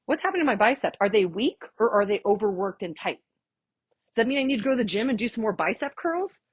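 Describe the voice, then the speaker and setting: A woman's voice: mid-range voice, big pitch swings, fast, slightly rough, no room sound. A woman chiropractor giving a workshop talk, sassy, blunt and fired-up, chatting casually with her audience. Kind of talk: live workshop lecture.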